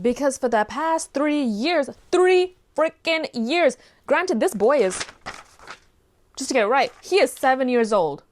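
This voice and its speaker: Exasperated woman ranting with lively pitch. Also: normal speed. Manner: exasperated, animated, swings from low mutters to loud outbursts. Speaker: commentary vlogger. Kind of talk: ranting commentary on a news story.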